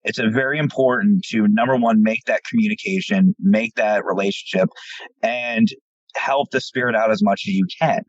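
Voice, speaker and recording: Guest man, paranormal investigator type, husky voice, dry dull lo-fi sound, animated storyteller who stumbles and restarts. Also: on the low side, moderate pace, dry recording. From central Pennsylvania. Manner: animated, repeats words when starting, acts out quoted dialogue. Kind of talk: casual storytelling interview.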